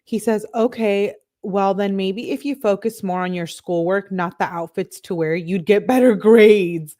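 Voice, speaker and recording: A woman's voice: medium pitch, steady tone, moderate pace, a little mellow. A young adult woman casually reading out text messages and adding incredulous comments, as a true crime commentator. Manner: reads texts aloud with incredulous asides.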